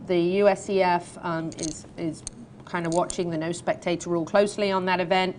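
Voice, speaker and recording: A woman's voice: fairly low pitch, little pitch movement, a little fast, a little mellow, slight background noise. Chatty English woman hosting a show. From England. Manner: chatty, laughs easily, playful. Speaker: talk show host. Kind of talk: casual chat and news reading. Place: studio.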